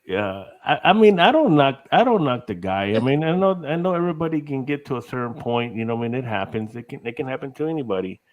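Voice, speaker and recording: A man's voice: mid-range voice, expressive, fast, hardly any pauses, highs cut off. Rambling, laughing middle-aged man. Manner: rambling, laughs often, many "you know"s. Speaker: guest, paranormal investigator. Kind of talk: casual podcast chat.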